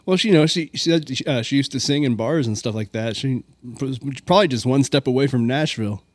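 A man's voice: medium pitch, brisk, no echo. A man co-hosting a podcast, chatting casually and cracking jokes. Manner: wisecracking, laughs often. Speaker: co-host. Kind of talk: casual chat.

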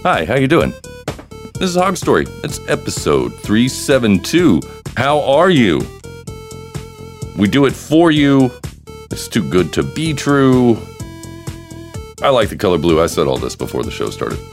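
A man's voice: mid-range voice, wildly swooping pitch, a little slow, pauses often, faint music behind. A man hosting a live solo podcast, rambling and joking with crude humor. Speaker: podcast host.

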